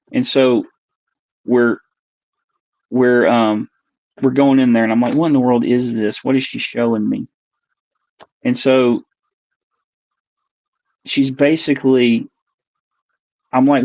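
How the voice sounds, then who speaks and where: A man's voice: mid-range voice, a little mellow, no echo. A man being interviewed as a guest, earnestly telling a personal encounter story and repeating and reworking his phrases as he searches for words. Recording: dull, dry recording.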